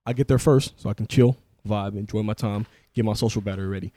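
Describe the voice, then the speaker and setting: Man, rapid rambling comedy chat, swears, mocks himself, dry sound. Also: fairly low pitch, fairly even intonation, mellow, no room sound. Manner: fast, rambling, profane, self-deprecating. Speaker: podcast co-host.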